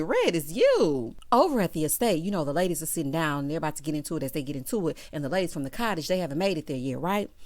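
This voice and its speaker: Sassy woman recapping reality TV. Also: lowish voice. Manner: sassy, drawling asides of "child" and "honey"; laughs at her own jokes. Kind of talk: casual opinionated commentary.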